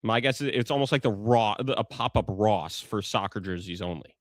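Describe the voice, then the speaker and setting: A man's voice: on the low side, a little fast, no echo. American man, sports podcast co-host, rambling stories, dry close sound. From United States. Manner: rambling storyteller with many restarts. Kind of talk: casual sports podcast chat.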